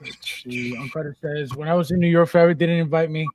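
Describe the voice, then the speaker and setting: Speaking fast in a slightly high, darkish voice, a livestream host reads viewers' comments out loud. It's a casual stream, and he keeps laughing and repeating words for humor.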